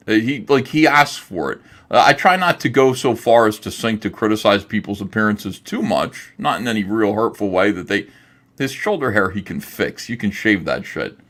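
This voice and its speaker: A man commenting casually on a clip he is watching, speech halting and full of fillers. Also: on the low side, fairly bright tone. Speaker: streamer reacting to a clip.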